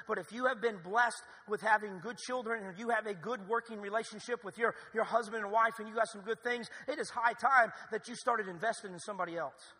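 Bright-voiced preaching man, echoey hall. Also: sits high, slightly rough. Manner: preaching with rising, shouted emphasis. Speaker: pastor. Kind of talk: sermon. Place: church sanctuary.

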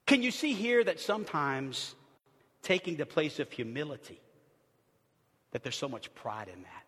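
A man preaching a sermon as pastor, animated, swinging from loud bursts to hushed asides. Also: on the high side, a little slow, long pauses, breathy edge, big-room sound.

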